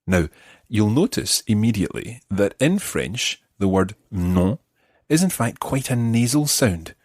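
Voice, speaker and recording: A man's voice: lowish voice, very animated, a little slow, slightly rough, no room sound. A middle-aged man hosting a podcast language lesson, patiently explaining and modeling pronunciation for learners. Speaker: language teacher and podcast host. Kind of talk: friendly guided language lesson.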